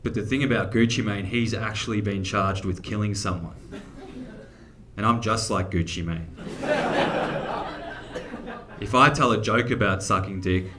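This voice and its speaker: A man's voice: fairly low pitch, very noisy. A man with an Australian accent performing a crude, self-mocking stand-up comedy set on a theatre stage.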